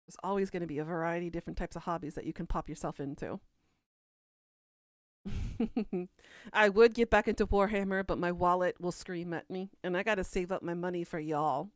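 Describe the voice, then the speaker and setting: Southern gal from kentucky rambling thru viewer comments, smooth clear voice, dry close sound. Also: female voice, lowish voice, steady tone, brisk, long pauses, no echo. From Kentucky, USA. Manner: chatty, rambling, answers comments aloud. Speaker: podcast host answering viewer comments. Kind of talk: casual chat.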